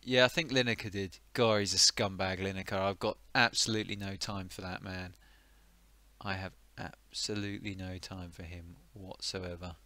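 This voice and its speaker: A man's voice: sits low, steady tone, moderate pace, pushed and bright. A man streaming retro computer games, chatting casually with sardonic, muttered asides. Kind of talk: casual live-stream commentary.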